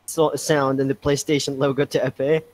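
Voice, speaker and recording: A man in a casual podcast chat with an ordinary mid-range voice. He reacts excitably, exclaims often and laughs along with the others. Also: medium pitch, a little fast.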